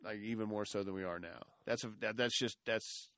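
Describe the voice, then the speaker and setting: A man's voice: lowish voice, a little fast, a bit bright, no room sound, studio quality. A man in loose, profane casual banter as podcast co-host, laughing often.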